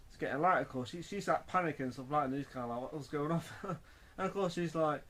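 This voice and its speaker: A man's voice: on the high side, quick pace, fairly bright tone. A man reviewing a film in a casual, rambling way, full of fillers and restarts.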